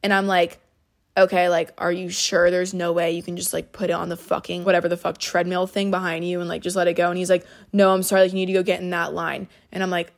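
A young woman hosts her podcast and spills a long story in loose, casual chat. Her voice has a gravelly fry, and she swears freely and leans on "like" all the way through. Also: lowish voice, fairly even intonation, fast. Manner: profane, rambling, heavy use of "like". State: emotional. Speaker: podcast host.

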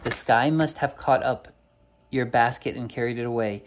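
A man's voice: mid-range voice, fairly even intonation, normal speed, a little hiss or hum, natural voice. A man reading the part of an anxious male travel companion in a storybook, earnest and old-fashioned in speech.

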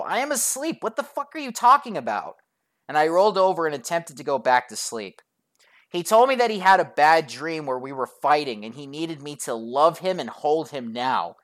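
Woman ranting thru a storytime, lots of swearing, voice jumps all over the place. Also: sits low. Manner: profane and sarcastic; exasperated. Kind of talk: storytime vlog narration.

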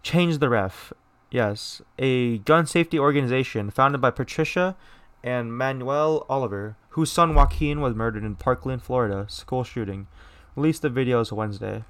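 A man's voice: mid-range voice, moderate pace, a bit bright. Blunt, swearing young American man. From United States. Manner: blunt and profane, with many restarts and mocking voices. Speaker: podcast host. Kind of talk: casual solo commentary reading news.

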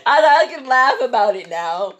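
A woman telling a personal story in an animated, rambling way, acting out the people in it and repeating herself. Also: a little high, moderate pace, dull audio. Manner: animated, acts out the voices of people in her story; rambling, repeats and restarts phrases.

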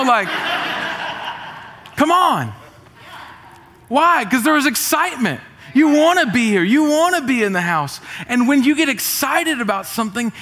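In a large church auditorium with long, echoing reverb and some background noise, a middle-aged pastor gives his congregation a spirited sermon full of jokes. His voice is high for a man and keeps building to shouts.

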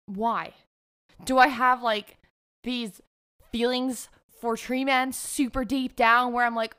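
A woman's voice: on the high side, steady tone, slow, a bit bright, clear, resonant tone, no room sound, clean studio sound. Frank, foul-mouthed young woman. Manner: frank and profane, laughing often. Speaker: vlogger. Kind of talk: candid confessional storytelling.

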